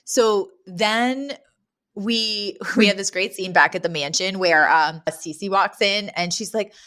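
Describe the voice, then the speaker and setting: A woman's voice: mid-range voice, slow pace. A woman co-hosting a podcast, chatting casually and recapping a sitcom episode, laughing often and acting out the characters' lines. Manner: animated, laughs often, acts out quoted lines. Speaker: podcast co-host.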